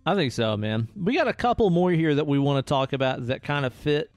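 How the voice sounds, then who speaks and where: A man in his thirties co-hosting a podcast, chatting casually about films, relaxed and swearing often. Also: fairly high pitch, brisk, no room sound, faint music behind. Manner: laid-back, swears often, ends lines with "man". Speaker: podcast co-host. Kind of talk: casual film-review chat.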